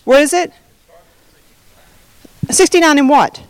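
A woman's voice: high-pitched, slow pace, dry recording, rough recording. A woman leading an informal Bible study, chatty and jokey, often breaking off mid-sentence. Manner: chatty, self-interrupting, jokey asides.

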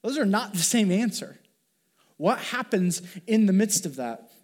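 A man's voice: high-pitched, sing-song, a little slow, darkish tone. A man preaching a sermon as pastor, talking in an earnest, conversational way with fillers and restarts.

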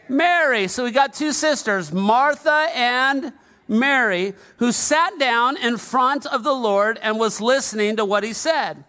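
A male pastor preaches a sermon in a conversational, humorous way, turning often to the congregation. His voice sits very high for a man and sounds bright, and he talks at an unhurried, slow pace. A long reverb from a large church hall follows him.

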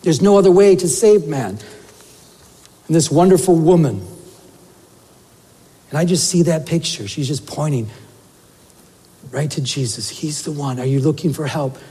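A man preaching a sermon as a pastor, telling a story in an animated way and saying "you know" often. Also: on the high side, a little slow, pauses often, breathy edge. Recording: long reverb of a church hall.

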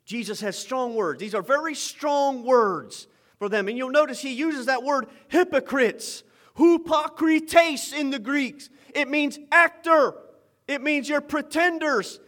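A man preaching a sermon with fervor, swinging from loud, emphatic lines to quiet asides and repeating phrases for effect. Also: very high voice, a little slow.

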